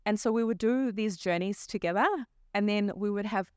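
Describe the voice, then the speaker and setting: Woman breathwork teacher with a smooth voice. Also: medium pitch, brisk, a little mellow, dry recording, studio quality. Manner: reflective, speaks in flowing stories. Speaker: podcast guest, breathwork teacher. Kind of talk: casual conversation.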